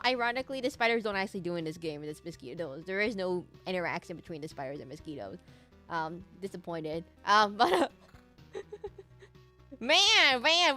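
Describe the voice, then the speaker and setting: Here a woman with a slightly high, fairly bright tone offers casual commentary on the game she's streaming. It's goofy and rambling, full of giggles and snippets she hums or sings.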